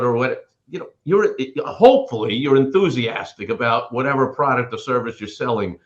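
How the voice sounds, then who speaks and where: A man's voice: medium pitch, moderate pace. A man on a panel speaking earnestly and encouragingly. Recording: muffled lo-fi audio.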